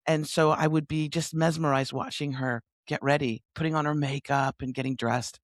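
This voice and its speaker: Animated woman in her sixties, dry sound. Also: deep voice, normal speed, no echo. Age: 60s. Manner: lively, animated storyteller with frequent laughs. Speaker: guest, authority coach. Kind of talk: conversational interview storytelling. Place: home near Sydney, remote call.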